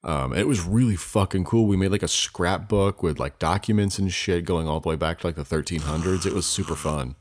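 A male podcast guest with a very low voice talks loosely and swears freely. He stumbles through plenty of "um"s and restarts as he chats casually. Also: fairly quick, hardly any pauses. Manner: loose and profane, many "um" and restarts. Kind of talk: casual chat.

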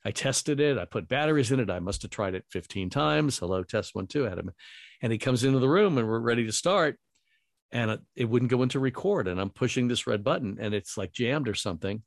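A man's voice: mid-range voice, lively intonation, a little fast, gravelly, no echo, studio quality. A middle-aged man, a radio host, telling rambling anecdotes full of quoted dialogue in a casual way. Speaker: radio host and voiceover talent. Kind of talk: casual storytelling.

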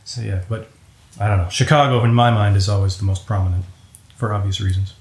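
A man hosting an interview podcast, asking curious clarifying questions in a relaxed conversational way. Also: on the low side, fairly quick. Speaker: podcast host. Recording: roomy echo.

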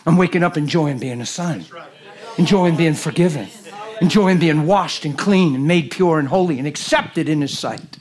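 A man preaching a sermon in a church, animated and jokey, swinging from loud bursts to hushed lines. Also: on the high side, normal speed. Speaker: guest preacher.

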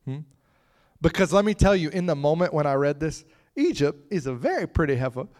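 A man delivering a sermon in a loose, conversational way, talking straight to the listeners. His voice sits a little high for a man. He breaks into giggling, high-pitched laughter now and then. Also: sing-song, a little fast, a little mellow. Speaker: preacher.

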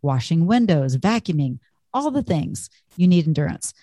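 A woman's voice: sits low, big pitch swings, normal speed, mellow, no room sound. Chatty, encouraging woman fitness coach. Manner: chatty and encouraging, laughs at herself. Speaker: fitness instructor. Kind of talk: upbeat fitness talk.

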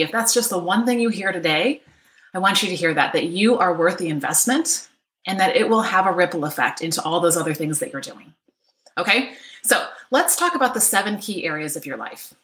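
Here a middle-aged woman runs a live web workshop out of her home office, chatty and upbeat, frequently asking "right?". Her medium-pitched voice has a fairly bright tone and carries noticeable reverb.

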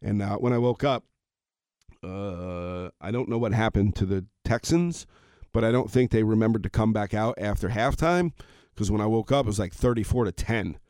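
A man's voice: lowish voice, moderate pace, a little mellow, clear, resonant tone, no echo, studio quality. A middle-aged man hosting his own podcast, ranting in a casual, rambling way with self-aware asides. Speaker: podcast host. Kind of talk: casual solo podcast rant.

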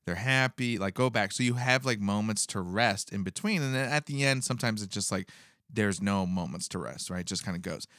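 A man's voice: on the low side, a little fast, a bit bright, dry recording, studio quality. A male comedian chatting casually on a podcast, rambling with many fillers and swearing freely.

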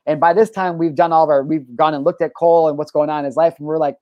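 A man hosting a live talk show, telling a story in an energetic, animated way and swearing freely. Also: a little high, fast talker, no room sound, muffled recording. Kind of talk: casual live-stream chat and storytelling.

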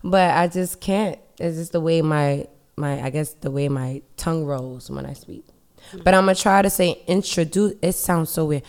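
Podcast host, woman, New York accent, low-ish voice, playful and animated. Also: moderate pace. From the Bronx, New York. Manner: playful, animated, laughs often. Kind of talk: casual chat.

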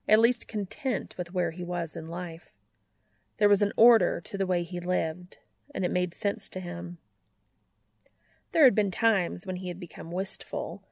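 A woman reading fan fiction aloud in a steady, unhurried audiobook narration. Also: on the low side, gravelly, no room sound.

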